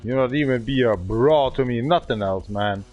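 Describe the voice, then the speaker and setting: A man's voice: medium pitch, moderate pace, darkish tone, muffled recording, soft background music. A man from Bavaria with a German accent, ranting profanely and hurling insults at another player during a gaming livestream. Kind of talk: angry livestream rant.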